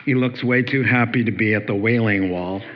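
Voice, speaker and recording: A man's voice: lowish voice, fairly quick, muffled recording, a little hiss or hum. A man preaching a conversational sermon as pastor, joking and acting out the people in his stories. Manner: conversational, joking, acts out quoted voices.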